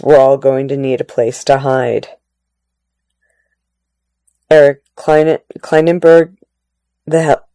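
Low, mellow woman reading articles aloud. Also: dry recording. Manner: measured, plain reading with occasional restarts. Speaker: narrator reading magazine articles. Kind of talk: article read-aloud narration.

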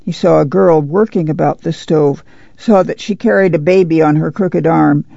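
A man narrating an audiobook in a steady, descriptive reading. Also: fairly high pitch, normal speed, gravelly, no room sound, lo-fi sound.

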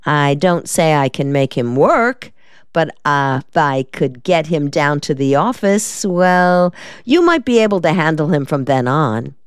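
A woman reading the part of a quick-witted, sassy young female secretary in an audiobook, with a wry drawl. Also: sits low, big pitch swings, clear, resonant tone, no echo, studio quality.

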